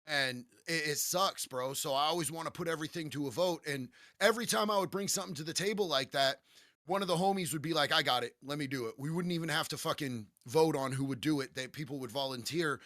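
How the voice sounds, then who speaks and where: A man's voice: a little high, sharp tone, no room sound, studio quality. A man, a podcast guest, telling stories in a casual, profane, laid-back way with lots of "bro.". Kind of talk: casual storytelling chat.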